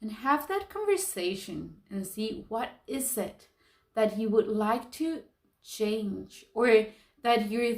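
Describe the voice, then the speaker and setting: A woman guides a calm reflection at an unhurried pace, her voice gentle and soothing. Her words ring in an echoey room. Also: medium pitch. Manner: slow, calm and soothing, with soft laughs.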